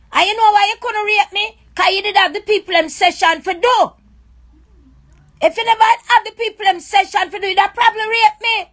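Very high-voiced Jamaican woman. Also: fairly even intonation, normal speed, fairly bright tone. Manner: accusing, repetitive, raw and impassioned. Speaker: livestreamer. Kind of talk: emotional live-stream rant.

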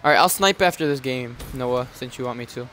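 A man's voice: mid-range voice, fairly quick, sharp tone, slight background noise. A young man streaming a game live, rambling to his chat with restarts and asides. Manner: chatty, rambling, talks to chat. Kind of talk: live gameplay commentary.

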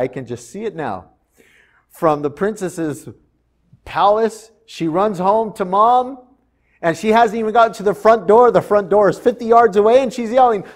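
A male pastor giving a sermon in an animated, conversational storytelling manner. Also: high voice. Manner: animated, conversational, slips into character voices.

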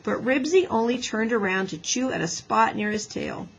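A woman teacher reading a children's book aloud in a lively storybook manner, slightly raspy. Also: fairly high pitch, normal speed, rough recording.

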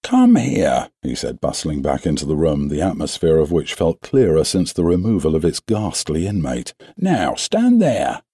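Deep, husky male audiobook narrator. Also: moderate pace, hardly any pauses, dark tone, dry recording. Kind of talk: scripted narration.

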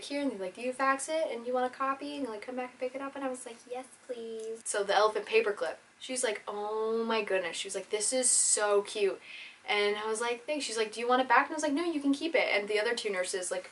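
Chatty young woman telling a story. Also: medium pitch. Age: young adult. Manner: chatty and animated, acts out voices in retold dialogue. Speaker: vlogger. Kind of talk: casual storytelling vlog.

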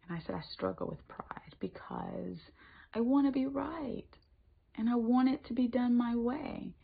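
A woman giving a spoken Christian devotional, moving between emphatic lines and hushed whispers. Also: medium pitch, creaky, breathy edge. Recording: tinny phone-like sound.

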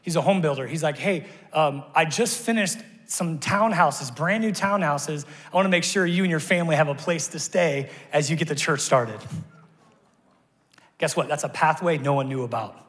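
A man preaching a sermon as pastor, telling stories animatedly, climbing to shouts and then dropping soft and quiet in prayer. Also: on the high side, normal speed. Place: church auditorium. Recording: long reverb of a large church hall.

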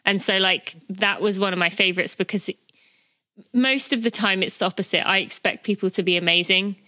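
A woman hosting a running podcast, chatting easily with a friend. Her voice is bright and forward, and the recording is close and dry with no room sound. She talks in loose, filler-heavy runs and acts out lively quotes. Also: medium pitch, a little fast, dry recording. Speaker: podcast host. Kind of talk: casual chat between friends.

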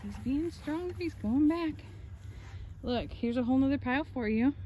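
Here the farm vlogger's voice is high, expressive and dark-toned, at a normal speed, with slight background noise. Speaking with a Texan accent, she talks casually to the camera outdoors and teases her animals.

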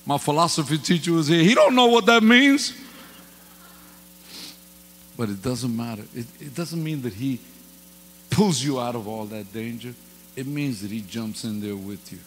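Joking folksy preacher man in a reverberant church. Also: mid-range voice. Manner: folksy, joking, casual grammar. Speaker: guest pastor. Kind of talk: informal sermon with humorous stories. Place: church hall. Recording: long hall reverb with faint mains hum.

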